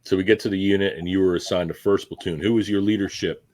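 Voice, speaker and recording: Deep-voiced blunt male host. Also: steady tone, fast talker, darkish tone. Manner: blunt, profane, conversational. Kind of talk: casual chat.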